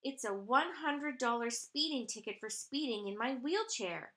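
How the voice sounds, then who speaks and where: A spirited young girl from a storybook, played by a woman reader. She stretches her words out cheerfully, in a bright and slightly high voice. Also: expressive, normal speed. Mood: lively.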